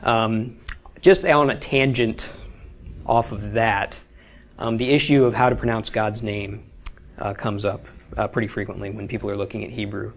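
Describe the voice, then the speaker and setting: With a fairly low, fairly even voice at normal speed, a Hebrew teacher explains things step by step to his beginner language class. It's an informal lecture, and he keeps checking with "okay?".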